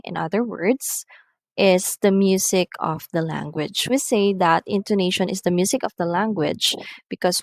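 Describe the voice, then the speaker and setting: Woman, English teacher, slow and deliberate, dry close sound. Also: lowish voice, dry recording, poor audio. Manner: slow, deliberate explanations with numbered examples. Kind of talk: recorded online lecture.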